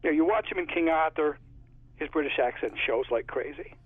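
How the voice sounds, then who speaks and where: Talking fairly quickly in a husky voice on the high side, a man with a Connecticut accent, an author, rambles through stories in a laid-back interview. The recording is dry and comes through a tinny phone line.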